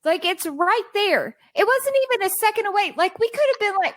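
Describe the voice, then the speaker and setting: A woman's voice: very high-pitched, a little fast, hardly any pauses, dry recording. A woman podcast guest telling a long story in casual, exasperated style, acting out the people in it. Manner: animated, exasperated storytelling with quoted dialogue.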